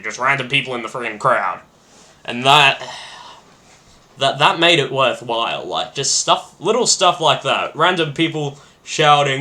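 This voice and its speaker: Male podcast host, bright tone, rambling and excitable, heavy on fillers. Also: mid-range voice, normal speed. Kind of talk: casual solo podcast chat.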